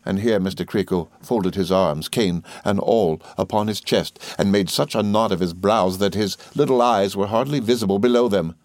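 Man, audiobook narrator, low voice, measured reading, dry close recording. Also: darkish tone, dry recording. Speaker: audiobook reader. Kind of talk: scripted narration.

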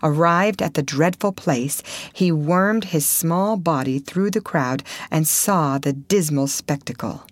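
A woman reading a classic novel aloud in measured, expressive audiobook narration. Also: sits low, dry recording. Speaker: audiobook reader.

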